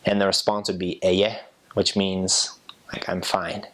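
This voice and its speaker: A young American man, a former missionary, telling stories in a relaxed, rambling way. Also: low voice, unhurried. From United States. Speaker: returned missionary. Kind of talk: casual storytelling.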